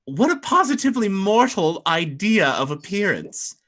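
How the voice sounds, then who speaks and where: A man's voice: high-pitched, big pitch swings, normal speed, fairly bright tone, voice pushed up, exaggerated voice. A man voicing a haughty, teasing female mermaid fey who calls her betrothed a dullard. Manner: mocking, coquettish.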